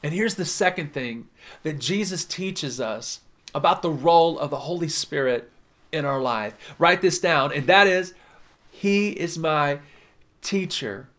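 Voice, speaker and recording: High-voiced preacher with dramatic swings. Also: male voice. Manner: dynamic preaching, swings between loud emphasis and soft drawn-out words. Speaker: pastor. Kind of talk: sermon.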